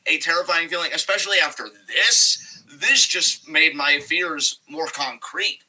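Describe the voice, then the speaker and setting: A man co-hosting a wrestling review show, rambling in an animated way and swearing often. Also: a little high, a little slow, rough recording. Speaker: podcast co-host. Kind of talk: casual wrestling review chat.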